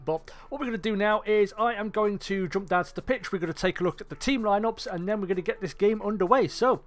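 A man's voice: high voice, fast. A young man giving casual, rambling commentary on a football management game, often correcting himself and cracking jokes. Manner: chatty, rambling, self-correcting, jokey. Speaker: gaming YouTuber.

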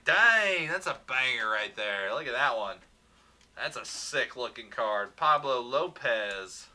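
A man's voice: mid-range voice, sharp tone. A man hosting a livestreamed card box break, upbeat, rattling off player names and chatting with viewers.

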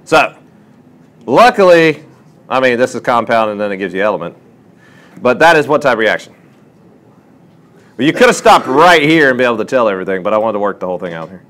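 In a chemistry classroom lesson, a man tutors students, working through problems and putting questions to them. His voice is medium-pitched and brisk, broken by long pauses, with a lively, questioning teacher's tone.

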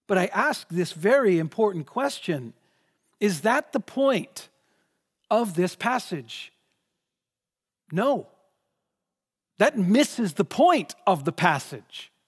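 A man's voice: sits high, sing-song, takes it slowly, pauses often, slightly rough, in a large hall. A man preaching a sermon in a church, speaking emphatically and repeating words when he presses a point. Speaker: pastor. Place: church sanctuary.

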